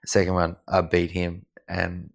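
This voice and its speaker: An Australian man, a podcast guest, telling an animated story in a casual chat at home, swearing freely. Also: deep voice, moderate pace, creaky. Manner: animated, swears freely, acts out other people's voices. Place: living room of a house at night.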